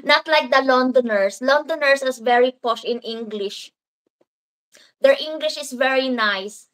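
A woman with a Filipino accent hosts an unhurried live stream, chatting her way through viewer comments. Her high voice rings bright and clear, and she drifts easily between English and Filipino words. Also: poor audio. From Philippines (Davao). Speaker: livestream host.

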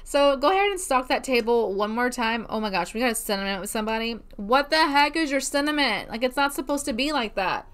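A woman chats through her game in a bright, high register that leaps all over the place. She gushes and exclaims constantly in easy, casual commentary. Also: animated, a little fast, few pauses. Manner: bubbly, gushing exclamations. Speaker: let's play host.

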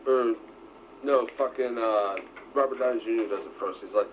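A man's voice: mid-range voice, fairly even intonation, moderate pace. A young man chatting casually, rambling and laughing, with many "like"s as he tries out impressions. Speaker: podcast co-host. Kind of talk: casual chat. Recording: muffled lo-fi with hiss.

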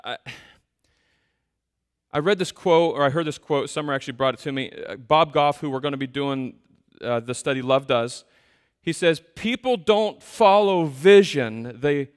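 A male pastor preaching a sermon in a conversational, self-deprecating, animated storytelling way. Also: fairly high pitch. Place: church sanctuary. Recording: long hall reverb.

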